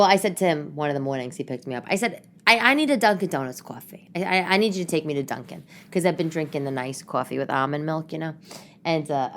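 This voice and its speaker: Telling stories from home, a New York woman hosting a podcast wanders casually between tales and quick self-interrupting asides. Her tone is fairly bright though her pitch sits a little low for a woman, and she sounds like she's talking to a friend on the couch.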